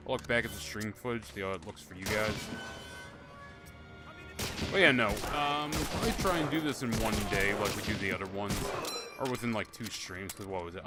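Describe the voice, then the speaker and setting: Male game streamer with a lowish voice, loose and profane, talking to chat over loud game music. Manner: rambling, profane, joking. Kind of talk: casual live-stream commentary. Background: game music and gunfire.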